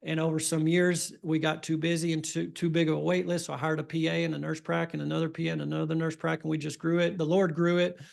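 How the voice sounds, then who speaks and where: Gravelly folksy man. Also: fairly high pitch, fast, few pauses. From Texas. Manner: folksy, energetic storyteller. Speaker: family doctor. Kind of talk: storytelling interview.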